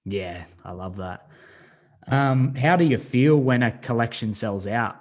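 A man's voice: medium pitch, expressive, measured pace, darkish tone. A man hosts a casual podcast interview. He asks plain questions and backs the guest with short, encouraging replies. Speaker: podcast host.

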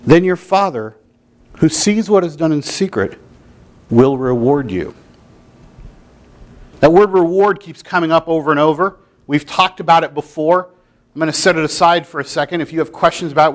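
A man preaching a sermon in a conversational way, with playful, mock-incredulous asides. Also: a little high. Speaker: pastor.

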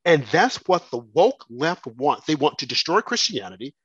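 A man hosting a talk radio show, delivering a fervent, emphatic, preacherly monologue in a husky voice. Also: on the high side, big pitch swings, moderate pace, few pauses, a bit bright, dry recording, muffled recording.

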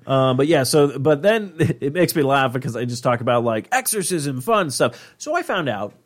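A man's voice: medium pitch, sing-song, normal speed. A man co-hosting a casual podcast chat, rambling, laughing and swearing freely. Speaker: podcast co-host.

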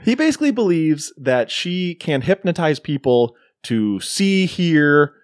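Animated man retelling a movie. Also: on the high side, a little slow, no room sound, studio quality. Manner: animated retelling, mimics characters in quoted bits. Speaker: podcast co-host. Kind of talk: casual movie review chat.

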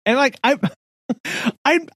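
A podcast co-host with an extremely high-pitched voice draws out his words while telling a story in casual chat. He's animated, laughs often, and acts out the voices of the people he quotes. The studio sound is clean, with no echo.

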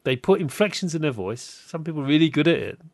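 A man's voice: fairly high pitch, animated, fast talker, no room sound, studio quality. A man hosting a podcast interview, chatting casually and animatedly, often laughing and acting out quoted voices. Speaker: podcast host.

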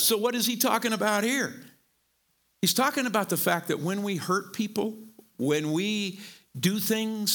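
A middle-aged male pastor from Missouri preaching a sermon in a conversational way, repeating words and jumping up in pitch to stress his points. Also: pushed and bright. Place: church sanctuary.

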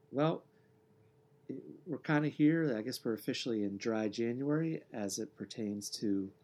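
A man co-hosting a sports podcast in casual chat, with a relaxed, joking, deadpan way of talking. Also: lowish voice. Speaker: podcast co-host.

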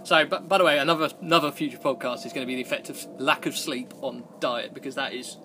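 A man's voice: medium pitch, steady tone, fast, bright, forceful tone, slight background noise. A man hosting a podcast, telling a rambling, self-deprecating story in casual chat and laughing often. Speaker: podcast host.

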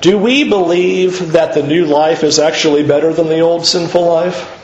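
A man preaching a sermon in an earnest, emphatic way, pushing his pitch up to stress his points. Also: normal speed, echoey room, lo-fi sound.

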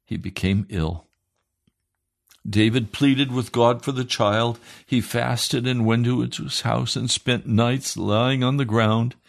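A man's voice: mid-range voice, fairly even intonation, takes it slowly, creaky. A man preaching a sermon, emphatic and repeating phrases for weight.

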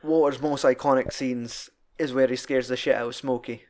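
Young man, casual film chat, sweary, laughs often, mid pitch. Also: fairly even intonation, normal speed, a little mellow. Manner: sweary, laughing, quotes film lines in put-on voices.

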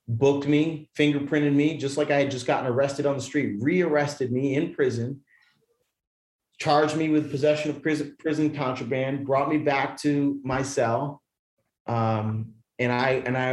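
A man telling a personal story as a podcast guest in casual talk, animated and profane, often restarting his sentences. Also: medium pitch. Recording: roomy echo.

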